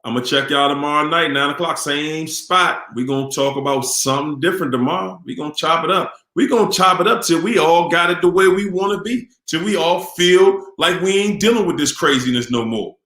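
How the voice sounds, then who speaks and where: A man hosts a casual live stream in a relaxed, upbeat way, calling out viewers' names. His voice sits somewhat high for a man. The room around him is echoey. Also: fairly quick, few pauses.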